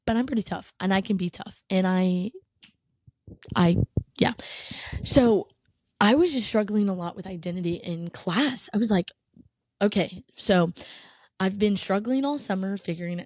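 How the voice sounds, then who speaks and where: A woman's voice: on the low side, darkish tone, no echo. A woman in her twenties hosting a podcast, sharing a personal faith testimony in an earnest, emotional, rambling way. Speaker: podcast host. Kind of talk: casual faith testimony monologue.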